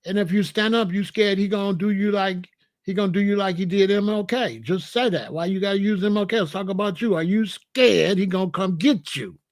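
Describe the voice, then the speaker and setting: High-voiced guy, aave, preachy and in your face, dry close sound. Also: brisk, dry recording. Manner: confrontational, repeats questions, preachy. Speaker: host answering a viewer. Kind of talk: live-stream commentary.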